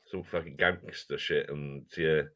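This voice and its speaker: A man's voice: very deep voice, steady tone, normal speed, fairly bright tone, highs cut off. A man chatting on a live stream, swearing a lot and joking with a laugh in his voice. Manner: sweary, laughing, mock-serious storytelling. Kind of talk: crude casual banter.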